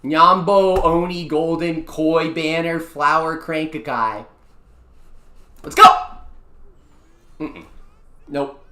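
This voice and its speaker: Excitable young-adult streamer, bright and bouncy pitch, roomy echoey sound; slangy live-stream chat. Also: slow, long pauses, a little hiss or hum. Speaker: VTuber streamer. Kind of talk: casual live-stream chat over a mobile gacha game. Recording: echoey room.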